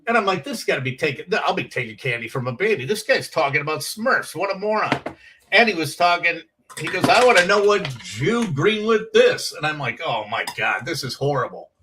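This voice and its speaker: A comedian telling animated stories from his years on the comedy circuit, acting out the voices of people in them. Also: on the high side, brisk, distant mic, slight background noise, poor audio. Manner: animated storyteller, acts out quoted voices. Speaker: comedian guest. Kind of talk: casual storytelling.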